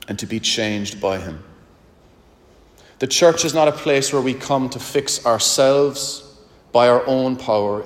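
A pastor preaching a sermon earnestly, speaking straight to his listeners and reading scripture aloud. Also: lowish voice. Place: church. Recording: reverberant church hall.

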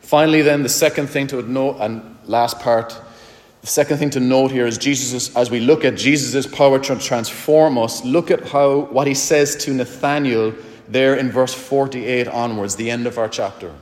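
A man preaching a sermon in a church, his voice ringing with a long reverb through the hall. He speaks earnestly and straight to his listeners, reading scripture aloud at a mid-range pitch. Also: steady tone, normal speed, a little mellow. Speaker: pastor.

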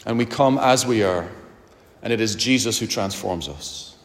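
A man's voice: on the low side, normal speed. A pastor preaching a sermon earnestly, speaking straight to his listeners and reading scripture aloud. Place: church. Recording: reverberant church hall.

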